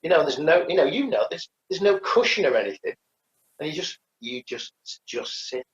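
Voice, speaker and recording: Male podcast host, talks in loose rambling bursts, lively swooping pitch, dull echoey recording. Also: normal speed. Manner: rambling, many restarts and fillers. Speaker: podcast co-host, karate teacher. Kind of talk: casual chat.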